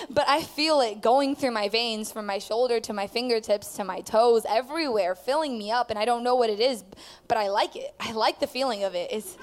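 A woman's voice: fairly high pitch, moderate pace. A woman telling her personal testimony at church, rambling with many fillers as she tells the story. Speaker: student giving testimony.

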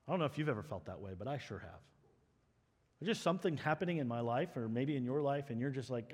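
Earnest preacher in a reverberant hall. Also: male voice, on the high side, very animated, normal speed. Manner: earnest, swings from loud impassioned to soft and hushed. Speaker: pastor. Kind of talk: sermon. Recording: long reverb of a large hall.

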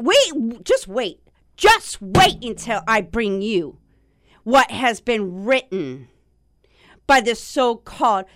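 A woman's voice: medium pitch, fairly bright tone, smooth, no room sound, clean studio sound. A woman speaking straight to her viewers in a casual monologue, wandering and searching for her notes, then heated and swearing. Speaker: video host.

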